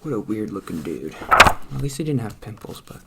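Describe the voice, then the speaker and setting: A young man vlogging casually, awkward and self-deprecating, mumbling with soft laughs. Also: lowish voice, big pitch swings, moderate pace, vocal fry, very noisy. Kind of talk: casual chat.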